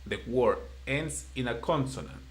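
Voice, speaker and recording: A man teaching a beginner class in English, patient and encouraging as he explains rules slowly. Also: mid-range voice. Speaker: Spanish teacher. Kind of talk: live-streamed online language lesson.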